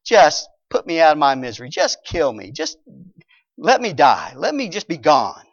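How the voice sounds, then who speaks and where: A man voicing the prophet Jonah as a grown man, exclaiming loudly and high, on a dull lo-fi recording. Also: wildly swooping pitch, normal speed, full character voice. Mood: bitter sulking. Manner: exclaiming loudly, shouting praise.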